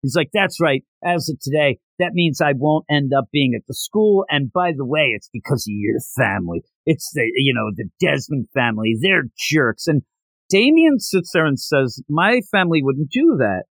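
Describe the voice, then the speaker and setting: Man podcast host, lively and fairly high voice, dry close sound, acts out scenes as he retells them. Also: dry recording. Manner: animated, acts out character lines in quick voices. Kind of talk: casual chat recapping a manga chapter.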